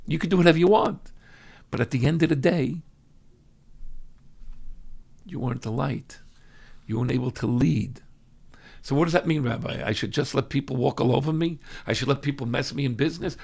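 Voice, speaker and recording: A man teaching as a rabbi in a dramatic way. He swings between loud outbursts and hushed asides, and acts out everyday people when he quotes them. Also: medium pitch, fairly quick, creaky, long pauses. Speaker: rabbi teaching a weekly class. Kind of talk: animated religious teaching.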